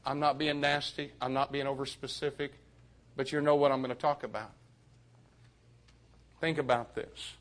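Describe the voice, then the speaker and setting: A man preaching a youth sermon, moving from quiet confiding to sudden shouted emphasis. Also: medium pitch, little pitch movement, moderate pace, long pauses.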